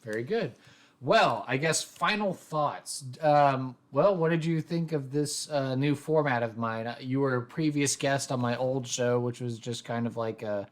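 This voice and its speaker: A man's voice: mid-range voice, unhurried. A man hosting a tabletop role-play podcast, talking casually with lots of fillers and restarts. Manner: rambling, filler-heavy. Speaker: podcast host and game master. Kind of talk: casual chat.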